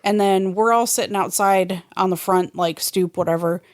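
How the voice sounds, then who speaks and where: A woman with a mid-range voice talks on a casual podcast. She recounts her experience plainly and steadily, without rushing. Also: medium pitch, a little mellow. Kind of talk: casual storytelling chat.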